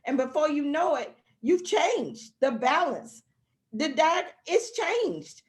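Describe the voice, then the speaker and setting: A woman with a fairly high voice speaks as a guest in a motivational way. She talks with heartfelt emphasis and repeats herself to drive her points home. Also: very animated, slow. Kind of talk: motivational talk.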